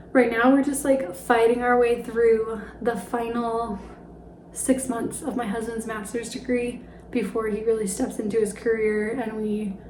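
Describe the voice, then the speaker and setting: A woman in her twenties, a personal finance vlogger, talks casually to camera about her family finances, slightly out of breath, laughing lightly and using fillers. Her voice is fairly high and a little mellow, in a rough recording with room echo and a little hiss or hum.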